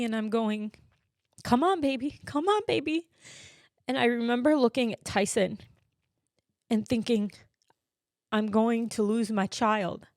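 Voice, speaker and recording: A woman hosting a podcast, telling a personal story in an emotional, animated way with many fillers. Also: mid-range voice, dry recording, clean studio sound. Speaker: podcast host.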